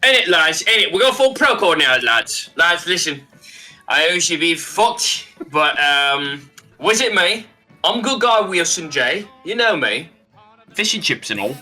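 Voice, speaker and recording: A man's voice: fairly high pitch, very animated, a little slow, bright, forceful tone, soft background music, pitched above the performer's own voice, exaggerated voice. Man putting on a crude British company man. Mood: mocking. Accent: put-on British. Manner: mocking, exaggerated, rowdy.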